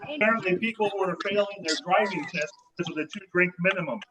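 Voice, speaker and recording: A man hosting a comedy show and doing stand-up over a video call, with a wry, halting delivery. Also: sits high, noisy background.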